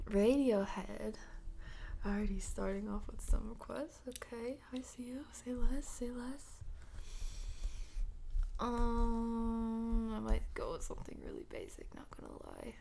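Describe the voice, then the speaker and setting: A woman's voice: on the high side, creaky, darkish tone, a little hiss or hum. A woman with a stuffy nose chatting on a livestream, often dropping into a half-whisper, giggling as she reads and answers chat. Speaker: ASMR streamer.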